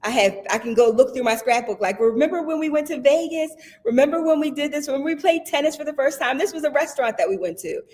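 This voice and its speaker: Animated, laughing woman with a higher voice. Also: fast talker, few pauses. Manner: animated storyteller who acts out quotes and laughs often. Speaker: guest. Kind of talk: casual chat.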